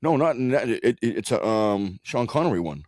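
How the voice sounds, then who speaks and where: A man co-hosting a podcast in casual chat, rambling and profane, with lots of halting restarts. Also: medium pitch, lively intonation, darkish tone, no room sound, clean studio sound. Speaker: podcast co-host.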